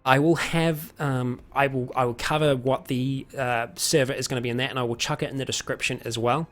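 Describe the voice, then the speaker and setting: A man's voice: mid-range voice, steady tone, fairly quick, fairly bright tone. A man chatting casually on a live stream, answering viewer questions with lots of fillers, restarts and chuckles. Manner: rambling, many fillers and restarts, chuckles often.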